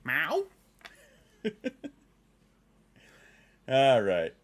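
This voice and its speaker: A man's voice: mid-range voice, huge pitch swings, extremely slow. A man chatting casually on a live stream, loose and profane, talking to his pets between comments.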